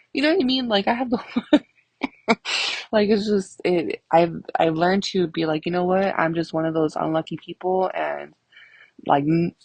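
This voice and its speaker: A woman's voice: fairly low pitch, vocal fry, darkish tone, husky, dry recording, low-quality recording. A young woman telling stories in a casual, rambling, profane way, laughing often. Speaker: vlogger. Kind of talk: casual storytelling.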